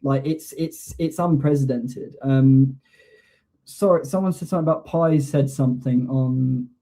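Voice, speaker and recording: Guy hosting a fan stream, mellow warm voice, laid back, reading comments off chat. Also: medium pitch, unhurried. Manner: easygoing, reads out viewer comments. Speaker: host of a fan show. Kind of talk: casual live-stream chat.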